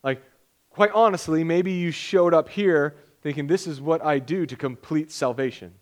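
A man's voice: on the high side, normal speed. A young man preaching a sermon as pastor, conversational and joking, often acting out imagined voices.

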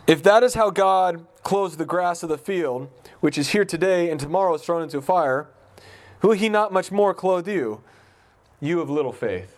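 A man's voice: sits high, normal speed. A man giving an informal Bible teaching in a conversational way, asking his listeners questions as he goes. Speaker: pastor.

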